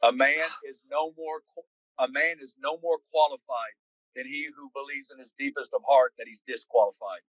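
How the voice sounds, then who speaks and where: A man's voice: medium pitch, fairly even intonation, moderate pace, a bit bright, no echo, low-quality recording. A man as a podcast guest, preaching in an impassioned, exhorting way. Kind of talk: fervent preaching in conversation.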